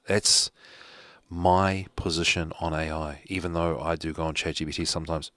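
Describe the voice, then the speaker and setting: A man's voice: sits low, flat delivery, normal speed, fairly bright tone, no echo. A man hosting a live show from home, rambling casually with joking asides. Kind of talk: casual rambling livestream talk.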